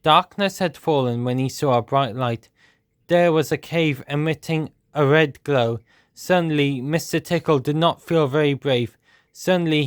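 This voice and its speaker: Male storyteller, steady measured read-aloud, dry close sound. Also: a little high, clear, resonant tone, no room sound. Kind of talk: reading a children's storybook aloud.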